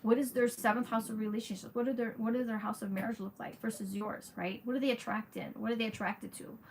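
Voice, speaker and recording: A woman's voice: a little high, quick pace. Chatty frank woman astrologer, noisy background. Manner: chatty, frank, answers viewers by name. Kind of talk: casual livestream chat. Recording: steady background noise.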